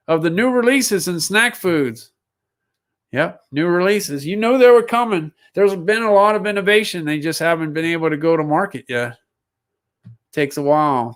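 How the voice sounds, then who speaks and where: A man with a high, slightly bright voice hosts a casual solo livestream as a seller, musing aloud while reading down a list of product listings.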